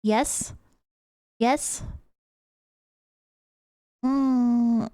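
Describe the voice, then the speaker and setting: A woman's voice: high-pitched, expressive, takes it slowly, dry recording, studio quality. A young British woman streaming live, chatting casually and giggling as she greets her viewers. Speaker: VTuber streamer.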